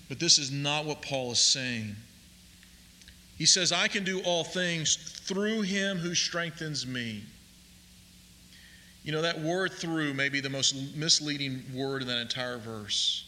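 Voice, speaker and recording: Bright-voiced man preaching in a hall. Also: a little high, a little hiss or hum. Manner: deliberate, emphatic preaching with slowed key phrases. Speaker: pastor. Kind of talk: sermon.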